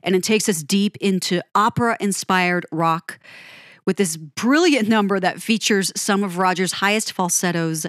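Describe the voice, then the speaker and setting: A woman hosting a music commentary, gushing about a song, animated and quick to correct herself. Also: mid-range voice, no room sound, studio quality. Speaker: music podcast host. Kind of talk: enthusiastic song breakdown.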